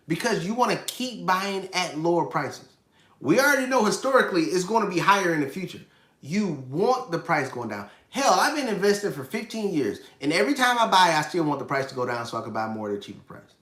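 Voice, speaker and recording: Male host in his 30s, emphatic casual livestream delivery, slightly high voice, roomy echo. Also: a bit bright. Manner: emphatic, repeats points, reads chat questions. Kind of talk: casual live finance stream.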